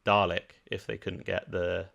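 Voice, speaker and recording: A man's voice: deep voice, flat delivery, a little slow, creaky, fairly bright tone, muffled recording. A man with a Birmingham accent co-hosting a podcast, chatting and reading out trivia facts. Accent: Birmingham English. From England. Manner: reads out production facts, chatty, laughs easily. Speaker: podcast co-host.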